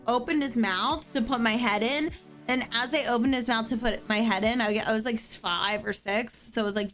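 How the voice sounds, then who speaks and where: A woman in her thirties from Pennsylvania telling a personal story in a casual, animated way, using "like" constantly. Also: a little high. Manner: animated, filler-heavy with frequent "like".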